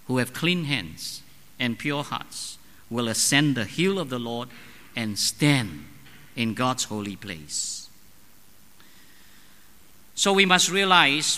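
Slow, bright-voiced preacher man in an echoing hall. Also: on the high side. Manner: emphatic, deliberate preaching with questions to the congregation. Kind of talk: sermon.

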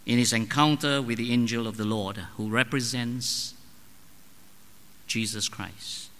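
Slow, bright-voiced preacher man in an echoing hall. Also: mid-range voice, steady tone. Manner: emphatic, deliberate preaching with questions to the congregation. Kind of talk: sermon.

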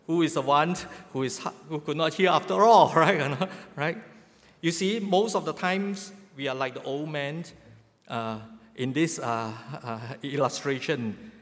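A man's voice: on the high side, a little slow. A middle-aged man preaching a sermon as a pastor, asking rhetorical questions and adding a chuckling "right?". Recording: long hall reverb.

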